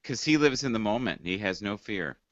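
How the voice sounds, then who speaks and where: An earnest man talking in a casual online group chat, his fairly low voice bright and forceful. He lays out ideas in slow, emphatic phrases. The sound is dry and dull, like a lo-fi call. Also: lively intonation, no room sound. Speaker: hangout participant.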